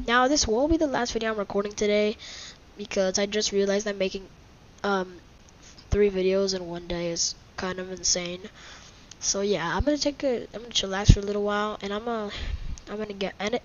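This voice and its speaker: A woman hosting a casual gameplay video at home, reacting excitably and bickering in exasperation with a friend who keeps teasing her. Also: mid-range voice, a little fast. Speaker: gaming video host. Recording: dull lo-fi mic.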